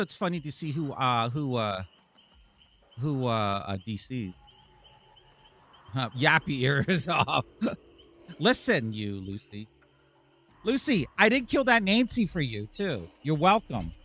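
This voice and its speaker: A man's voice: mid-range voice, sing-song, unhurried, pauses often, a bit bright. A man streaming a game live, rambling and joking to his chat with frequent laughs. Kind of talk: live gameplay commentary.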